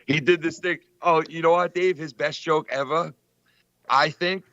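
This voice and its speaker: A man chatting casually on a podcast, telling stories in an excitable, profane way with lots of fillers. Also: on the high side, moderate pace, no room sound, lo-fi sound. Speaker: podcast co-host. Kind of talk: casual chat.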